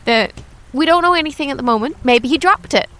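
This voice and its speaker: A woman player chatting casually in a tabletop game, animated and laughing often. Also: sits high, fairly quick.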